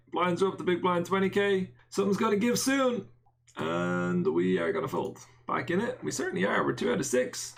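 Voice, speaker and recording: An Irish man chatting through a poker stream, his voice sitting a little high and catching in a gravelly creak. He talks casually to his chat, joking at his own expense and swearing freely. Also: a bit bright. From Ireland. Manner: casual banter, self-mocking, swears freely. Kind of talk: live-stream poker commentary, reading chat.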